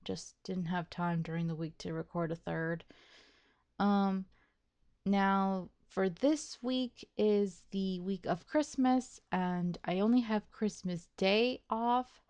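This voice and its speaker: A woman's voice: mid-range voice, a little mellow, clean tone, muffled recording. A woman hosting a let's play, chatting casually and self-deprecatingly about her schedule and the game, thinking aloud with many restarts and laughs. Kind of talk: casual gameplay commentary.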